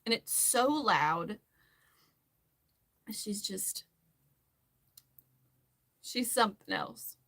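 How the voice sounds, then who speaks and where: A woman's voice: mid-range voice, lively intonation, extremely slow, long pauses, fairly bright tone. A woman hosting a crochet tutorial, chatting casually and rambling as she works, laughing often. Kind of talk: casual chat while crocheting.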